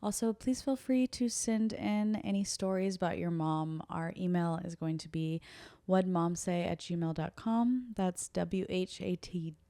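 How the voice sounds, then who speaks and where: A woman's voice: fairly low pitch, fairly even intonation, a little slow, hardly any pauses, dark tone, no room sound. A young adult woman co-hosting a podcast in casual, joking chat, swearing now and then. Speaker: podcast co-host.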